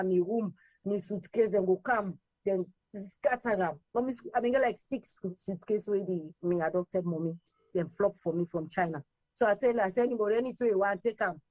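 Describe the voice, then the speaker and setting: A Sierra Leonean woman, slipping in and out of Krio, tells her story with lively energy, her voice pitched in the middle range. The sound is close and dry, with no room around it. She acts out what other people said as she goes. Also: no room sound, low-quality recording. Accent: Sierra Leonean, mixing in Krio. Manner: lively, quotes others in raised voices, slips between English and Krio. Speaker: interview guest, singer. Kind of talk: animated storytelling in an interview.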